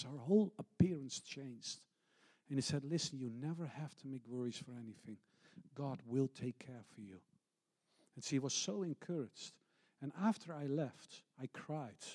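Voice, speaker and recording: A man, a pastor and missionary, preaching a testimony sermon, swinging between loud passages and hushed, near-whispered ones, with slightly non-native English phrasing. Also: on the high side.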